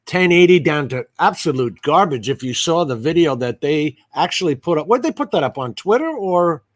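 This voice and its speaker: A man's voice: a little high, sing-song, normal speed. A man on a video call panel, showing his screen and cracking blunt, dry jokes. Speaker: panel guest. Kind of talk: casual panel chat.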